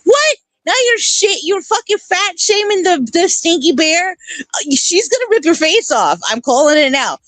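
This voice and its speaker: Woman co-host, high lively voice, dry close sound, swears and laughs through her stories. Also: normal speed, no echo. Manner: animated storytelling, swears a lot, laughs often. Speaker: panel co-host. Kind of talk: casual chat.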